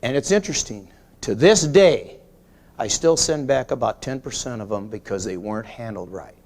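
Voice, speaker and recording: Male executive, higher-pitched, emphatic motivational speaker with storytelling. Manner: emphatic, repeats key points, animated storytelling. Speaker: grocery chain executive addressing a sales meeting. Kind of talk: motivational business talk with anecdotes.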